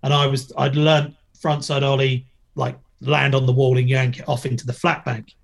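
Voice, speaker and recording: A man's voice: medium pitch, little pitch movement, normal speed, gravelly. A middle-aged man, a former skateboarder and TV presenter, chatting as a podcast guest, joking and telling stories with plenty of swearing. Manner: jokey, storytelling, swears freely. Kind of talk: casual podcast interview.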